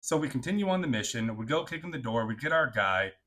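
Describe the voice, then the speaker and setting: Male storyteller, animated and crude, mid-range voice, keeps asking "right?". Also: medium pitch, fast, slightly rough. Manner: animated, keeps checking in with the listener; crude, joking delivery. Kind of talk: casual storytime.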